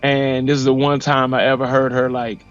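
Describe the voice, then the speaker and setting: A man in his forties from Missouri, a podcast guest telling a personal story in a lively, casual way and acting out what people said. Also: mid-range voice, normal speed. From Missouri, USA. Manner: animated, acts out quoted dialogue. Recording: dull lo-fi audio with faint music.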